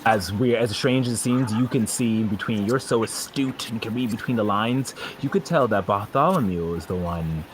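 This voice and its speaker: A man working as game master, explaining rules and describing scenes in a relaxed way. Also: lowish voice, moderate pace, few pauses, background noise. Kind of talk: running a tabletop game.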